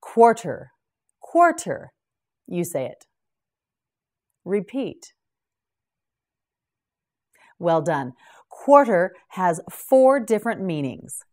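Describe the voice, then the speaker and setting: Slow, lilting woman teaching vocabulary. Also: fairly low pitch, very animated, a little mellow. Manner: carefully enunciated, repeats each word for the listener. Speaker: English teacher. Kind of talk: slow vocabulary drill for beginners.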